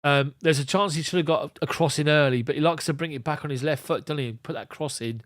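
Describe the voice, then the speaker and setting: A man's voice: fairly high pitch, quick pace, a bit bright, no echo, studio quality. A man giving casual live football commentary from a fan's point of view, chatting to his viewers and reading out their messages. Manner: chatty, rambling, addresses viewers by name.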